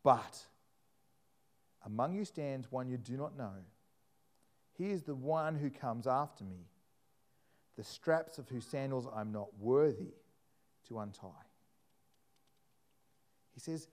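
A man preaching a sermon, animated, acting out scripture in different voices. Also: medium pitch, measured pace, long pauses.

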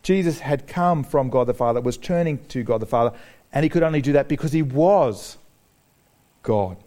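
A man preaching a sermon, animated, joking with the congregation and acting out the people he quotes. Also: medium pitch, moderate pace. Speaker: pastor.

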